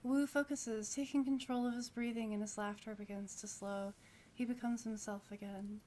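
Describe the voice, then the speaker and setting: A playful woman streaming a game, reading story text aloud between chatty asides. Her voice sits fairly high, with a faint hiss behind it. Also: steady tone, moderate pace, mellow.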